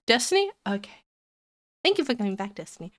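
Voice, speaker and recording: A woman's voice: on the high side, big pitch swings, quick pace. A woman streamer chatting casually to her viewers, rambling and giggly, while sick with a cold. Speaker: live streamer. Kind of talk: casual live-stream chat.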